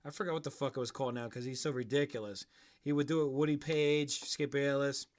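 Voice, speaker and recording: A man's voice: medium pitch, steady tone, fast. A man hosting a casual sports podcast, ranting in a profane, heated and mocking way. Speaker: podcast host.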